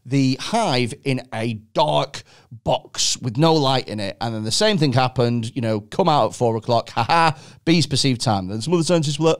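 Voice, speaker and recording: A man hosting a podcast, telling stories in an excitable, sweary, comedic way. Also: medium pitch, moderate pace, smooth. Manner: animated, sweary, excitable storytelling. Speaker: podcast host. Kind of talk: casual comedic chat.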